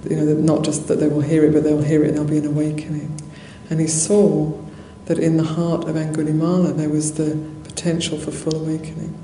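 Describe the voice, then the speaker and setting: A Buddhist nun giving a dharma talk in a monastery hall, telling a story conversationally with soft laughs and many fillers. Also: female voice, sits low, monotone, brisk, few pauses. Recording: roomy hall echo, faint noise.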